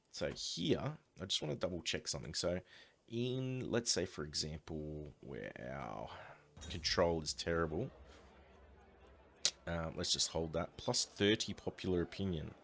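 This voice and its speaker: Low-voiced man playing a strategy game. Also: slight background noise. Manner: thinks aloud, upbeat, with frequent fillers. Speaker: let's play host. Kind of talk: casual gameplay commentary.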